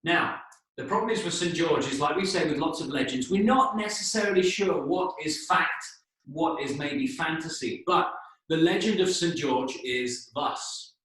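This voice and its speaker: A man's voice: fairly high pitch, a bit bright. Echoey, slightly distant male English teacher. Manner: explains slowly, checks in with "okay?", spells out words. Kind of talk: storytelling lesson for learners. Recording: echoey room, voice a bit distant.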